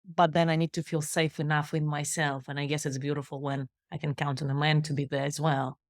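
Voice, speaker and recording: A woman with a fairly low voice hosts a relaxed interview. She affirms her guest and laughs often. The sound is close and dry. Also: brisk, dry recording. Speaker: podcast host. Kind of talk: casual interview chat.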